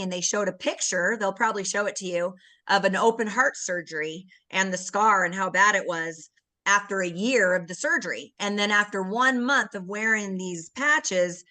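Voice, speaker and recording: A woman's voice: medium pitch, pushed and bright. A woman sharing an earnest, emotional personal testimonial on a video call. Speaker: guest giving a testimonial.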